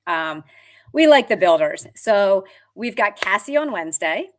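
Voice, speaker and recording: A woman co-hosting a podcast in casual chat, speaking in a relaxed way with a few fillers. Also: mid-range voice, unhurried. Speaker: co-host.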